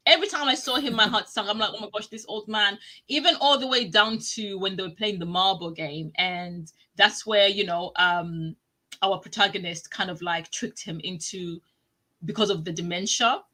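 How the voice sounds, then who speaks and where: A woman hosting a live online show, chatting casually and telling stories excitedly, often breaking into laughter. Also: mid-range voice, moderate pace, poor audio. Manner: excitable, animated storytelling with laughs. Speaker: talk show host. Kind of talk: live casual TV review chat.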